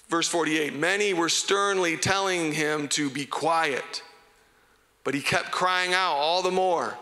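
A man preaching a sermon as pastor, animated and conversational. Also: on the high side, a little slow, big-room sound. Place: church hall.

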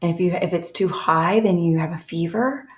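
Gentle woman teaching young kids. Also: on the low side. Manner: slow, gentle, asks children questions and pauses. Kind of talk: read-aloud lesson for young children. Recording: echoey, dull lo-fi room sound.

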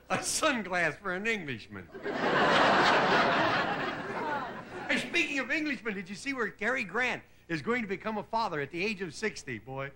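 A high, bouncy male voice runs through a comedy monologue on a studio stage, chuckling at his own punchlines and jumping in and out of funny voices. The old television recording carries a heavy layer of hiss under everything. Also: very animated. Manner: chuckles at his own jokes, switches into quick character voices. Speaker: comedian host. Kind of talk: stand-up monologue on a TV variety show. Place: TV studio stage before a live audience. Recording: loud hiss on a 1960s TV broadcast.

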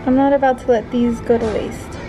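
A young woman chats playfully to her handheld camera as she strolls through a furniture store. Her voice sits a little high. Loud music plays under her talk the whole time. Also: steady tone, brisk. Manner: chatty and playful. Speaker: vlogger. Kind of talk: casual vlog chat.

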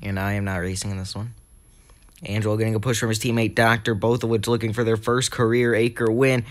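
A young man with a scratchy throat calling a video game race, getting excitable as the crashes pile up. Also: on the low side, quick pace. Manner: excitable, rising to shouts at crashes. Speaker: race commentator.

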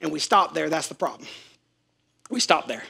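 A man's voice: fairly high pitch, lively intonation, moderate pace, creaky, pushed and bright, breathy edge. A male pastor preaching a sermon with emphatic repetition, calling on the congregation to answer back. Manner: emphatic, repeats key phrases, calls on the congregation to respond.

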